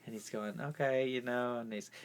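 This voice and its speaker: A man co-hosting a podcast in easygoing conversation. He rambles through his points in a relaxed way and fills his sentences with casual fillers. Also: medium pitch, normal speed, clear, resonant tone. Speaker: guest co-host. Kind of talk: casual chat.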